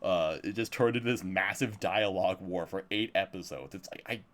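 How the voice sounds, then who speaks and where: A man's voice: sits low, fairly quick. A man streaming live, chatting casually about upcoming anime, swearing freely and laughing often.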